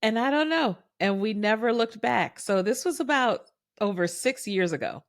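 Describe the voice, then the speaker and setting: A woman hosting a podcast, telling a personal story in a chatty, animated way and acting out the quoted voices. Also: on the high side, moderate pace, dry recording, studio quality. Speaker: podcast host.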